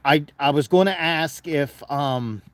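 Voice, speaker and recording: A man's voice: a little high, measured pace, no echo. A man hosting a casual livestream, talking in a folksy, chatty way and fussing affectionately over an animal. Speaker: livestream host.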